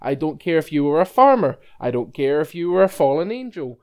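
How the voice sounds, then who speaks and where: A man's voice: a little high, big pitch swings, smooth. Blunt, teasing man chatting. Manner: blunt, teasing, slowing for emphasis. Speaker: game master and co-host. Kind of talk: casual podcast chat.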